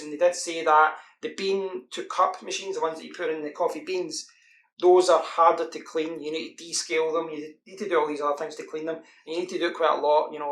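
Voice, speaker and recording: A man's voice: fairly high pitch, a bit bright. A man from the UK giving a casual, rambling product demo at home. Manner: chatty, rambling with fillers. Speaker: product reviewer. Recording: echoey room with faint hiss.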